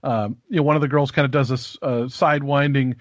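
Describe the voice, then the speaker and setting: A man's voice: fairly even intonation, fast, dry recording, studio quality. A man who is a guest on a podcast, talking casually about old wrestling and acting out lines he quotes. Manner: chatty, acts out quoted lines with sudden jumps in pitch. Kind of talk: casual wrestling rewatch chat.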